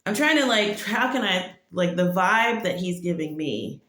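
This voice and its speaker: A woman's voice: lowish voice, expressive, measured pace, a bit bright. A woman giving a casual spoken testimony, rambling and full of "like" fillers. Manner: rambling, heavy use of "like" fillers. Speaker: testimony speaker. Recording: echoey room.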